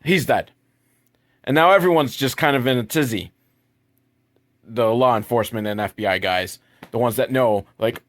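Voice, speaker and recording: A man's voice: medium pitch, normal speed, pauses often. A young adult man giving a crude, sarcastic comedic recap of a movie as the show's host. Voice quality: crude, sarcastic, mocking asides.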